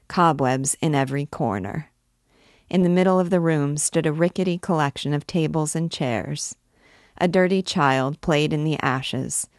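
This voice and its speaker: A woman reading a classic novel aloud, measured and gently voicing the characters' lines. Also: deep voice, no room sound, studio quality. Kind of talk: book reading.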